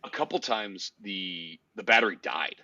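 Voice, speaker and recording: A man hosting a podcast, telling a story in a casual, animated way, swearing freely. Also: on the low side, moderate pace, dull audio. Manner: animated storyteller, swears freely, puts on silly voices in quotes. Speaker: podcast host.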